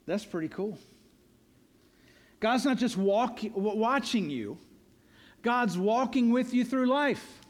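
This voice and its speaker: High-voiced pastor preaching earnestly. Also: male voice, lively intonation, slow, long pauses. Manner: earnest, emphatic preaching with repeated refrains. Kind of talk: sermon.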